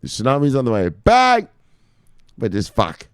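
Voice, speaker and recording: A man's voice: fairly low pitch, wildly swooping pitch, moderate pace, clear, resonant tone. A man hosting a crypto news vlog, ranting casually with lots of swearing and laughing asides. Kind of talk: casual profane news commentary.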